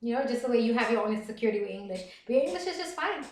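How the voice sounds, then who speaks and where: A middle-aged woman with a Puerto Rican Bronx accent, chatting fast and reassuringly as a livestream host reading viewer comments. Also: on the high side, animated, darkish tone, echoey room. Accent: Puerto Rican Bronx New York. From the Bronx, New York.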